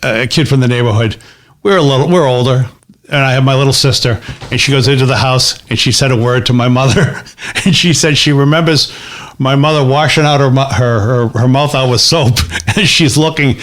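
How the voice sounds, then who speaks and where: A middle-aged man from New England with a mid-range voice co-hosts a chatty podcast. He teases his friends with quick, wry questions. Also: medium pitch, fairly bright tone. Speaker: podcast co-host. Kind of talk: casual banter and sponsor reads.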